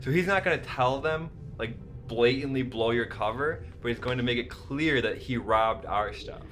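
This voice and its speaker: A man playing a tabletop game, talking slowly and laughing often as he describes his character. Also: mid-range voice, a bit bright. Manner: slow, laughing, agreeable. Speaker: player. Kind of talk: casual tabletop game chat.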